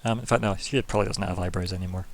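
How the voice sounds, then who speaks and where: A man's voice: low voice, fairly even intonation, racing, gravelly, dry recording. A man narrating a tabletop game as game master, in a loose style full of fillers.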